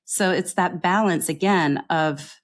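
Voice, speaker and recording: A woman in a podcast interview who explains accent coaching in an earnest, thorough way. Her voice sits fairly low for a woman, and she keeps tagging her points with a quick "right?". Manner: explanatory, earnest, often adds a questioning "right?".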